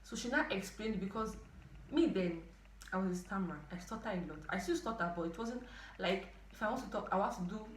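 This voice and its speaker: Nigerian woman in her twenties, lively storytime vlogger, roomy echo, faint hum behind. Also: medium pitch, fairly quick. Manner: animated, dramatic outbursts and asides. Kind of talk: casual storytelling to camera. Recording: echoey room.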